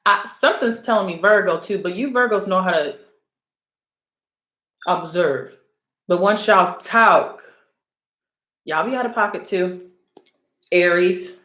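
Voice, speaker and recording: A woman with a low, fairly bright voice speaks at a measured pace with long pauses, addressing her viewers as a spiritual reader. Her casual, rambling monologue is blunt, teasing and profane as she calls her audience out, recorded in a roomy, echoey space.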